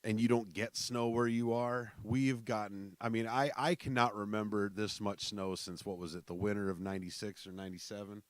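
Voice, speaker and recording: Podcast host, a man from South Dakota, low and close, rambling and chatty, restarts a lot. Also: little pitch movement, moderate pace, hardly any pauses, no echo. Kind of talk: casual solo podcast chat.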